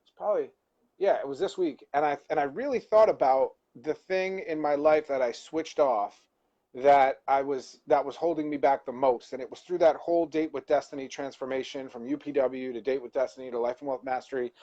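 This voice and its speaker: A man's voice: medium pitch, fairly quick, mellow, muffled recording. A man co-hosting a live-stream talk, reflecting on a personal insight and searching for words as he goes. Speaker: co-host.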